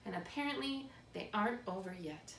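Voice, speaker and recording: A woman voicing a male toy rabbit whose inner voice sounds flat and resigned. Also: medium pitch, a little fast, roomy sound, far from the mic, a little hiss or hum.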